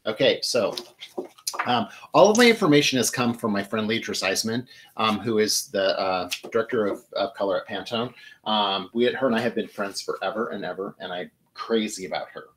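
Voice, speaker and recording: A man's voice: fairly low pitch, animated, brisk, fairly bright tone, a little hiss or hum, poor audio. A middle-aged man from Michigan hosting a live flower-arranging show, chatting to viewers as he works. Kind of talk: casual live demonstration.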